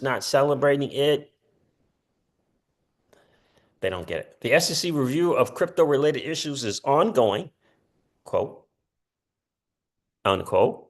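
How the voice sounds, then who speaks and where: Chatty man reading crypto news. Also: a little high. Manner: chatty, reads quotes aloud with asides. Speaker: crypto channel host. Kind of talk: casual commentary reading news posts.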